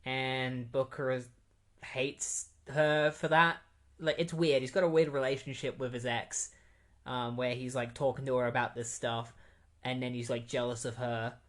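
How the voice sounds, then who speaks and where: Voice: medium pitch, fairly bright tone. A podcast host casually recapping a comic book issue, chatty and amused, with lots of fillers and asides.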